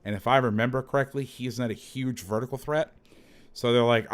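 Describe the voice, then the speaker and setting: A man's voice: medium pitch, fairly even intonation, fairly quick. Casual man explaining football film. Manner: chatty, self-correcting, swears casually. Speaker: football coach breaking down film. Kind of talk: casual film breakdown lesson.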